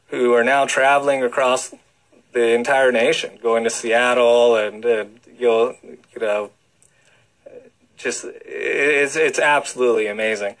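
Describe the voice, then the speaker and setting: A man explains things with eager energy as a radio guest. His speech is loose and full of filler words. The pitch sits in an ordinary middle range for a man. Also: a bit bright, low-quality recording. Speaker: cardiologist guest. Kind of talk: radio interview.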